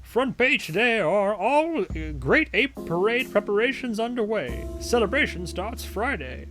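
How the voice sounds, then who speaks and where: A man's voice: high-pitched, sing-song, measured pace, music in the background, pitched above the performer's own voice. A man voicing a bitter, penny-pinching male newspaper vendor with a whiny, complaining manner. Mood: grumbling.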